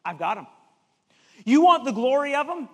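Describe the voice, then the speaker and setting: A man acting out the devil as a smooth, persuasive tempter offering the world's kingdoms. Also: very high voice, sing-song, normal speed, a bit bright, long reverb tail, exaggerated voice. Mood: coaxing.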